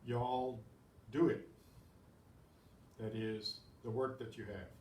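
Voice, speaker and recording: A man teaches a class at an unhurried, deliberate pace, patient and methodical, with dry little asides and frequent throat-clearing. His voice sits some distance from the lapel mic, in a roomy, echoing space. A faint hiss of static and room noise runs underneath. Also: mid-range voice, fairly even intonation, a little mellow. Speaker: Spanish teacher. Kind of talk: classroom lesson. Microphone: lapel mic that catches his badge.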